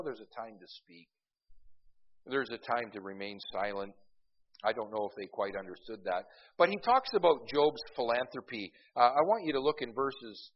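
A man delivering a sermon, talking conversationally and doubling back over his words. His voice sits high and grows louder when he presses a point. The recording is muffled and lo-fi. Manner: conversational, repeats words, rises in volume for emphasis. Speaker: preacher. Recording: dull, lo-fi recording.

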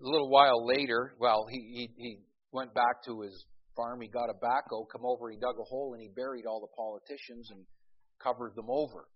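A middle-aged pastor preaching a sermon in a folksy, storytelling way, with many restarts and emphatic peaks. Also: male voice, medium pitch, fairly even intonation, a little fast, slightly rough. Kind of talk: sermon with a humorous opening story. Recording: dull lo-fi recording.

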